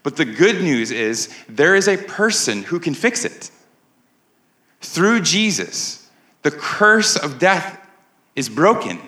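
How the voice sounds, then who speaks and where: A man's voice: on the high side, very animated, slow, pushed and bright, echoey room. A man preaching a sermon as pastor to a live congregation, in a conversational way and often asking the room "right?". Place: church sanctuary with a live congregation.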